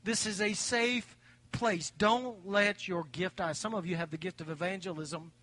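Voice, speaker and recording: A middle-aged man preaching a sermon as pastor in a church, swinging from loud exhortation to hushed whispers. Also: sits high, steady tone, moderate pace, dry recording. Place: church sanctuary.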